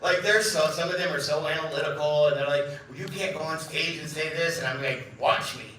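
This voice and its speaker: Speaking briskly with fairly even intonation, a man in his fifties delivers a chatty keynote full of self-mockery, acting out his stories' dialogue for a live audience. His voice is a little high, pushed and bright. The sound is distant and echoey, recorded in an event hall, with a little hiss or hum.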